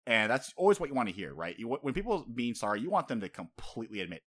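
An animated young man talks through a story for his podcast, and his pitch swings widely as he goes. He drops casual swears and now and then slips into quick character voices before going back to his own easy chat. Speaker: podcast co-host.

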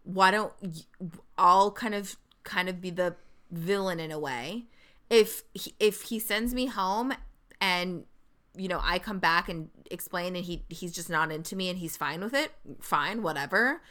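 A woman's voice: lowish voice, unhurried, a bit bright. A young woman co-hosting a casual chat, talking things through bluntly and sarcastically. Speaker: podcast co-host.

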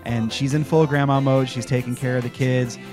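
A man's voice: mid-range voice, brisk. Male podcast host, chatty and playful, mid-range voice, over music. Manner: joking, animated impressions of characters. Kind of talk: casual chat recapping a TV episode.

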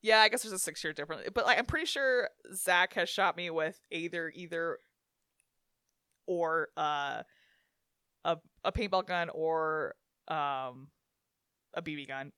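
A woman chatting casually as a podcast co-host, telling an animated story full of "like" fillers. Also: low-pitched, unhurried, pauses often, clear, resonant tone, dry recording, studio quality. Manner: chatty and animated, many "like" fillers, bursts of laughter.

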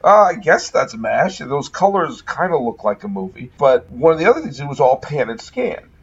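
Husky, wry storytelling man. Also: mid-range voice, big pitch swings, a little fast, a little mellow, lo-fi sound. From Massachusetts, USA. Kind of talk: casual chat, storytelling.

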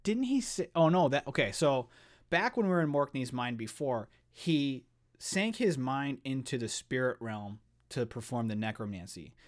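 A man's voice: medium pitch, moderate pace. A man co-hosting a book podcast, reading chapters aloud and then gushing about them with lots of swearing and "dude". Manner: excitable, swears, says dude a lot. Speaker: podcast co-host. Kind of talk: reading a novel aloud and discussing it.

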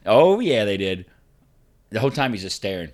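A man with a somewhat low voice spins an animated tale from his workplace. He laughs through it and swears freely, in a loose podcast chat. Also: moderate pace. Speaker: podcast co-host telling a work story. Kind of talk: casual storytelling chat.

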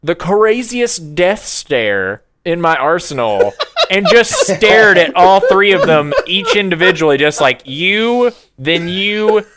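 A young man in casual chat, telling a story in an animated way and laughing often. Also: sits high, unhurried, heavy background noise.

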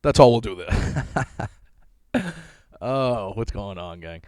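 A man's voice: fairly low pitch, expressive, slow pace, darkish tone, no echo. Profane, rambling man in his thirties. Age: 30s. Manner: rambling, profane, self-deprecating storytelling; laughs often while telling stories. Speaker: podcast host. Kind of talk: casual solo podcast monologue.

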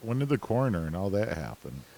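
A man's voice: on the low side, very animated, fast talker, vocal fry, mellow, poor audio. A man co-hosting a casual recap chat, laid-back and hesitant, with many fillers. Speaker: podcast co-host.

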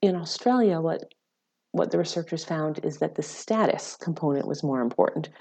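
Low-voiced American woman explaining research. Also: mellow. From United States. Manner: measured, explanatory, many fillers. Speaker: researcher guest. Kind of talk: interview answers. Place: lives in the UK.

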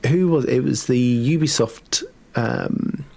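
Male podcast co-host, gravelly voice with vocal fry, casual and reactive. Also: medium pitch, a little mellow. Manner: reactive, quick exclamations. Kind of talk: casual gaming news chat.

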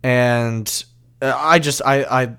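A young man in casual chat, hesitant and halting with many restarts. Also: mid-range voice, steady tone, pushed and bright, clean tone. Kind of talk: casual chat over a call.

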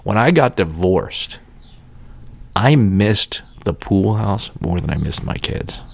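A man telling casual, profane stories with lots of laughter in an animated, swearing manner. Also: fairly low pitch, slow, gravelly, no room sound.

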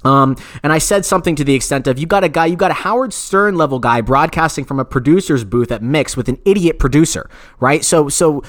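A man's voice: on the high side, fairly quick, a bit bright, dry recording, clean studio sound. A man co-hosting a podcast, telling a story in a rambling, profane way with many restarts. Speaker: podcast co-host. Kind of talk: casual podcast banter.

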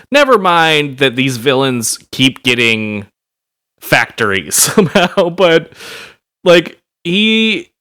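Brief: man, podcast co-host, bright and animated, unhurried delivery. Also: medium pitch. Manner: laughs often, animated riffing. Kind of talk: casual chat.

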